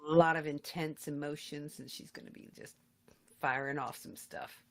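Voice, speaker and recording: A woman's voice: low voice, steady tone, moderate pace. A woman co-hosting a casual podcast chat who reacts often and laughs a lot. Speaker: podcast co-host.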